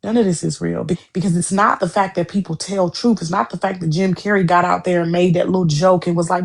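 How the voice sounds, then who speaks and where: A woman's voice: lowish voice, fairly even intonation, fast talker, creaky, hardly any pauses. A woman co-hosting a podcast, talking in a heated, profane, repetitive way in casual chat. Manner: heated, profane, repeats herself.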